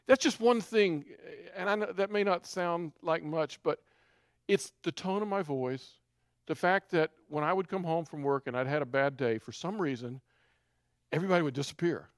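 Middle-aged man sharing a testimony, earnest and confessional, a touch high-pitched, close and dry. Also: animated, moderate pace, no echo. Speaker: speaker giving a personal testimony. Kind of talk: personal testimony storytelling.

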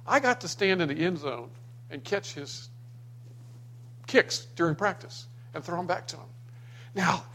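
Man telling family stories, a touch high. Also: lively intonation, unhurried, long pauses, bright, forceful tone, slight background noise. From Florida. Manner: anecdotal, acts out quoted people. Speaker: speaker sharing memories of his father. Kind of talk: personal storytelling to a small gathering.

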